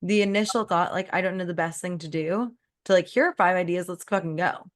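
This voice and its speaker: Woman coaching a client, animated, emphatic, acts out her thoughts, swoops high in pitch. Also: fairly quick. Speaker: business coach. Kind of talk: coaching call.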